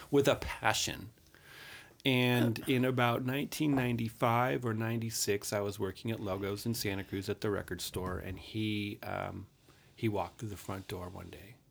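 A man in his fifties with a low, gravelly voice that crackles with fry. He recounts a painful chapter of his youth in a frank, earnest way. He swears casually as he talks. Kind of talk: candid personal storytelling.

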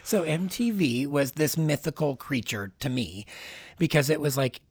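A man's voice: a little high, animated, normal speed, a little mellow, breathy edge, no echo. A man co-hosting a podcast, chatting in a rambling, easygoing way and laughing easily. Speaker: podcast co-host. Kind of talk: casual chat about pop culture.

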